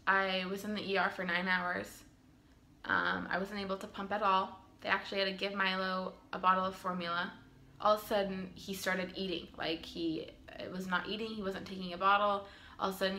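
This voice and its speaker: A woman's voice: medium pitch, level tone, brisk, gravelly, sharp tone. A woman in her twenties earnestly telling her own birth story at home, with frequent ums. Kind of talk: casual storytelling to camera. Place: home room.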